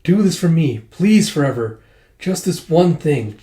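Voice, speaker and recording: Begging woman, put on by a man, high strained voice, echoey room. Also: animated, unhurried, dark tone. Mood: pleading. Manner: begging, pleading. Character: pleading desperate woman, loyal accomplice.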